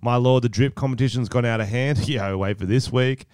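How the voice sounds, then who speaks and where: A man's voice: medium pitch, a little fast, a little mellow, no echo, studio quality. An Australian man co-hosting a podcast in loose, joking banter, swearing freely. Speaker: podcast co-host. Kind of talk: casual banter.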